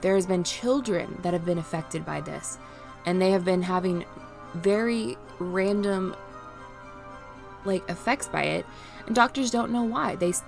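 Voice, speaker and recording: Grieving woman with a gravelly low voice. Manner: emotional, pleading, halting with restarts. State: grieving, near tears. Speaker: streamer and vlogger. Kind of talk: unscripted emotional vlog.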